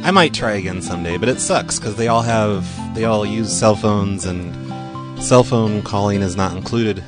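An American man hosting a call-in show, talking in a low voice with a relaxed, offhand ramble. Guitar music plays clearly under him throughout. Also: normal speed. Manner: laid-back, rambling, offhand. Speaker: host of a phone prank show. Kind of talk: casual radio show talk.

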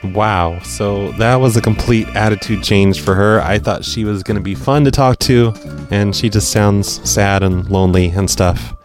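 A man's voice: fairly low pitch, moderate pace. A man hosting a prank-call podcast, talking casually with a blunt, sarcastic edge. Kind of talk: casual chat. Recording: faint music behind.

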